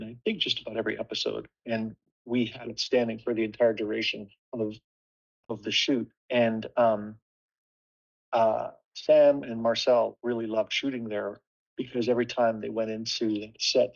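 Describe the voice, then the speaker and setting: A man's voice: medium pitch, creaky, dull audio. A man speaking as a production designer in a casual panel talk, thoughtful and full of restarts.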